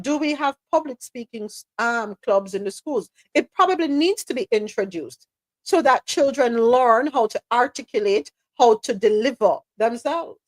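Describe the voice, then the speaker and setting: A Jamaican woman hosting a live talk show, her voice pitched a little high. She speaks emphatically and with strong opinions, dropping into patois at times. Her voice sits close and dry, with no room echo. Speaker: podcast host. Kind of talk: live news-talk podcast commentary.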